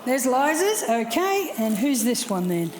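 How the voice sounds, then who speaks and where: A woman's voice: fairly high pitch, sing-song, a little slow, a little mellow. A woman leading a children's program in a church, speaking in a casual, chatty way and coaxing the kids by name. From Australia. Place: large church hall. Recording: echoey church hall, faint music.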